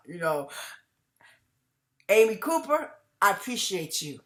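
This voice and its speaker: A woman's voice: medium pitch, normal speed, fairly bright tone. A middle-aged woman hosting her own commentary channel, talking to viewers in an emphatic way that repeats phrases and breaks into laughs between points.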